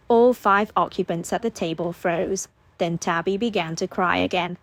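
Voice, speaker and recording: Woman narrating an audiobook, steady and expressive. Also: lowish voice, unhurried, no echo.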